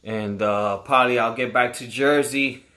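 A man's voice: mid-range voice, steady tone, moderate pace, bright, forceful tone. A young man from Puerto Rico co-hosting a podcast in casual chat, swearing freely and laughing often. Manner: profane, laid-back, laughs often. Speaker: podcast co-host.

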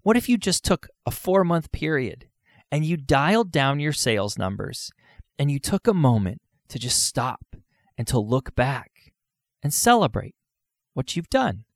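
A man's voice: fairly high pitch, very animated, a little slow, dry recording, studio quality. A man hosting a solo podcast, talking earnestly and asking his listeners rhetorical questions.

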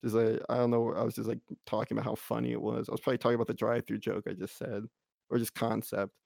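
A young man spins a rambling, laugh-filled anecdote with a gravelly, creaky edge to his voice. He talks loosely and piles up filler words. The sound is close and dry, with no room around it. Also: on the low side, flat delivery, fast, darkish tone, no room sound. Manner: rambling, full of "like", breaks into laughter. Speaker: podcast co-host. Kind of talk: casual storytelling chat.

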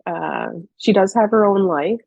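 A woman's voice: medium pitch, a little slow, creaky, darkish tone, no echo, lo-fi sound. A woman in her thirties, speaking as a podcast guest and telling personal stories in a candid, chatty way with hesitant restarts. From Canada. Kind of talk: casual personal storytelling.

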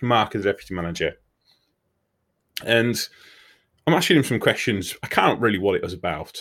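A man's voice: fairly low pitch, a little fast. A man telling a crude comic story in casual chat, swearing freely. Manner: animated, swearing, laughing storyteller.

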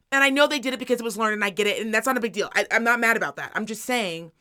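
A woman's voice: on the high side, racing, hardly any pauses, bright, forceful tone. A woman co-hosting a podcast in casual chat, blunt, emphatic and full of profanity. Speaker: podcast co-host.

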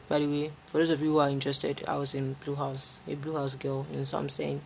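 A young woman with a Nigerian accent telling a personal story in a casual, dramatic way, with sudden leaps in pitch. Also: quick pace, gravelly, hardly any pauses, slight background noise. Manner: lively, dramatic retelling with sudden jumps in pitch.

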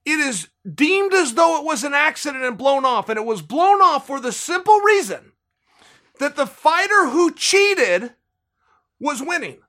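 A man's voice: very high-pitched, big pitch swings, measured pace, pushed and bright. Emphatic, indignant man ranting about sport. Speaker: podcast host. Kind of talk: heated sports commentary.

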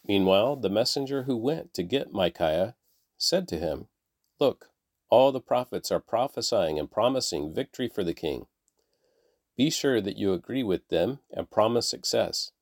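Man, scripture reading, measured, low voice, dry close sound. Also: animated, no room sound. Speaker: Bible reader.

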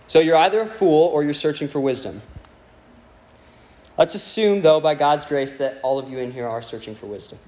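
A man's voice: fairly high pitch, normal speed, a little mellow. Conversational man preaching a sermon. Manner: conversational and playful, asking the congregation questions.

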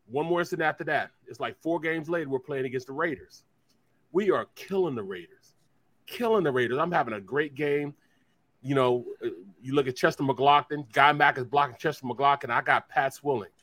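A middle-aged man, a former football player, co-hosting a sports talk show and telling animated stories with acted-out voices. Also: mid-range voice, fairly quick. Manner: animated storyteller who acts out quoted voices. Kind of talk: casual sports talk, storytelling.

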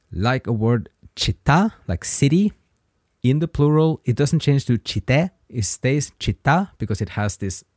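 A man teaching a grammar lesson, patient and encouraging, pausing so learners can answer before he gives the form. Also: mid-range voice, a little mellow, no room sound, clean studio sound. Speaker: language teacher.

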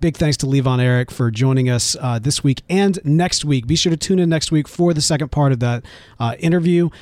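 A man's voice: fairly high pitch, brisk, a little mellow, no echo. A man co-hosting a podcast in a casual, rambling chat who often calls his co-host "man". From United States. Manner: laid-back, rambling, often says "man".

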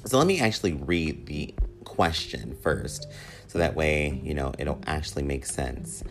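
A man's voice: very deep voice, expressive, measured pace. A man hosting his own podcast in an upbeat, rambling, repetitive way, with a slightly whiny voice. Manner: upbeat, rambling, repeats himself with fillers. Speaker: podcast host. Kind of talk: casual solo podcast monologue. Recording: music playing under the voice. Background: guitar music.

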